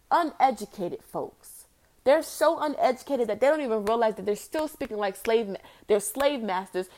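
A woman's voice: fairly high pitch, darkish tone. A young woman vlogging an opinion rant, blunt and exasperated, firing off rhetorical questions. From United States.

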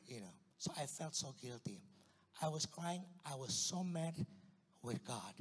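A man with an Indonesian accent telling his testimony in a church, in a storytelling manner that swings from hushed to loud outbursts. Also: mid-range voice, animated, measured pace, breathy edge, big-room sound. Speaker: guest speaker giving testimony. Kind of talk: sermon testimony.

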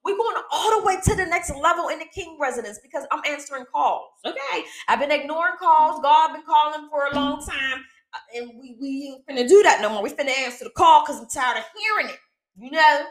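A woman's voice: high-pitched, brisk. A woman hosting her own small ministry podcast, preaching in a casual, slangy chat and often checking in with "okay?". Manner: animated, repeats herself, asks "okay?" often; slangy, down-to-earth. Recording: echoey room.

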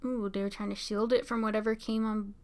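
A young woman casually commenting on a show as she watches, chatty and excitable, often laughing and saying "like". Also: mid-range voice, a little fast. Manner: chatty, giggly, excitable, many "like" fillers. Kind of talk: casual live reaction commentary.

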